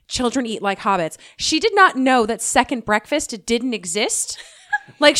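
A woman's voice: a little high, a bit bright. A woman in her thirties co-hosting a podcast, talking in an enthusiastic, rambling way with lots of fillers. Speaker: podcast co-host. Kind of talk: casual chat.

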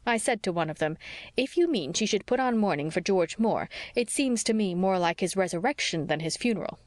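A woman's voice: medium pitch, expressive, brisk, a little mellow, no echo, natural voice. A woman voicing an outspoken, opinionated older village woman who talks bluntly and gossips, for an audiobook.

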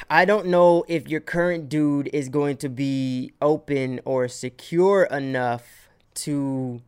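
Man with a smooth, clear voice. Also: on the high side, fairly even intonation, a little mellow. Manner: joking, laughs often, talks fast at times. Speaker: podcast host. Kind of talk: casual podcast chat.

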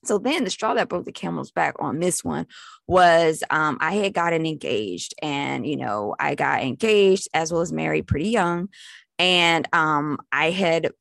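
Young woman telling a story, low gravelly voice, super chatty, dry close sound. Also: measured pace, fairly bright tone, no room sound. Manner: chatty, full of fillers, acts out quoted voices. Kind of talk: casual storytelling.

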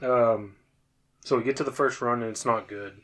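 Easygoing male podcast co-host, mid-pitched, rambling casual recap. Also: fairly even intonation, normal speed, fairly bright tone, slight background noise. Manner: laid-back, rambling with fillers and swearing. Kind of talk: casual chat, recapping a movie.

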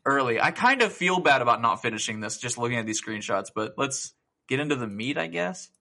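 A man co-hosting a gaming podcast, chatting casually, excitable and swearing a lot as he rambles through stories. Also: mid-range voice, fairly quick, gravelly. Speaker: podcast co-host. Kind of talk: casual chat.

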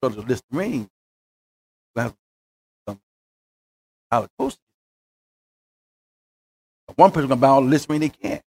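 A man preaching a sermon as pastor, rising into shouts and then dropping to near hushes. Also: mid-range voice, big pitch swings, moderate pace, pauses often, husky. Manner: preaching with rising shouts and sudden quiet drops.

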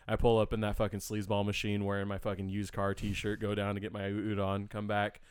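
A man's voice: on the low side, monotone, brisk, clean tone, no echo. A man hosting a casual podcast chat with friends, swearing freely and acting out the people in his stories. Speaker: podcast host.

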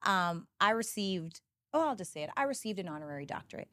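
A woman guest on a podcast, talking candidly in animated, emphatic bursts with frequent restarts. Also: mid-range voice, fast talker, no echo. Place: podcast studio. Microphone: studio podcast mic. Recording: dry close studio sound.

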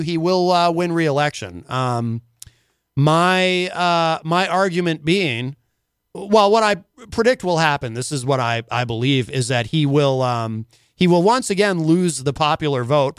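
A man's voice: fairly high pitch, expressive, unhurried, fairly bright tone, clean tone, dry recording, studio quality. A man hosting a casual talk radio show, rambling and full of filler words.

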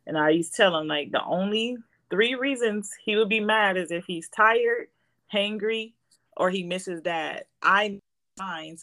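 A woman's voice: on the low side, fairly bright tone, low-quality recording. A woman in her forties, talking casually as a guest and explaining her family life in a reflective, storytelling way. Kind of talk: casual conversation.

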